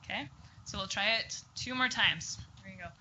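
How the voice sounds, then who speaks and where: In a group therapy room, a female speech therapist walks a group through exercises with encouraging, step-by-step directions. Her mid-range voice is sharp and a little fast, and the recording is muffled and lo-fi with faint noise.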